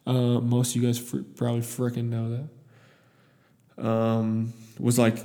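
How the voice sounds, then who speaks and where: A man's voice: mid-range voice, monotone, a little slow, dark tone, in a large hall. A young man from Iowa telling a story in a casual, rambling, profane way, with many restarts.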